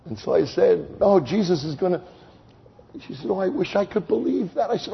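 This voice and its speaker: Husky preacher in a reverberant hall. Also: male voice, lively intonation. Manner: swings from loud, high exclamations to hushed, slow tones. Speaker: evangelist preacher. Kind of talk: sermon with storytelling. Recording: long hall reverb, dull lo-fi sound.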